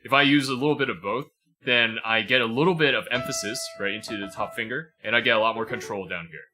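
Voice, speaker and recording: A man's voice: mid-range voice, fast, bright, forceful tone. A man teaching piano on a livestream, patiently explaining as he demonstrates and often checking with "right?". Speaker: piano teacher reviewing a student. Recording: piano music playing behind.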